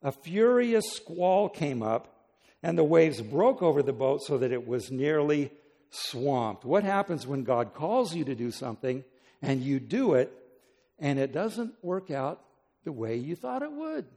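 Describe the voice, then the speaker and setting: A man's voice: a little high, sing-song, unhurried, warm tone, long reverb tail. A man preaching a sermon as pastor, dramatic, acting out pleas to God with a rising voice.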